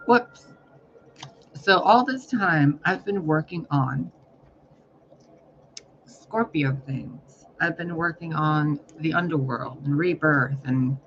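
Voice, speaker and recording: A man giving a casual spiritual reading, talking in a rambling, profane, animated way. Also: fairly high pitch, slow pace, pauses often, slight background noise. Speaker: spiritual reader. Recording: dull lo-fi recording.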